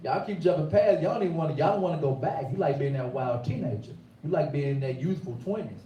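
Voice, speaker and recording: A man's voice: on the high side, expressive, fast, hardly any pauses, warm tone, reverberant, distant mic, a little hiss or hum, poor audio. A man preaching a sermon in a rhythmic, colloquial way, repeating phrases as he builds his points.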